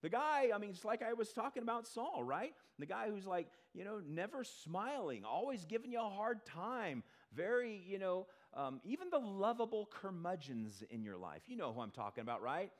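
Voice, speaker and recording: Animated male pastor preaching. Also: high voice. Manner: animated, acts out quick character voices. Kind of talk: conversational sermon. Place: church in front of a congregation.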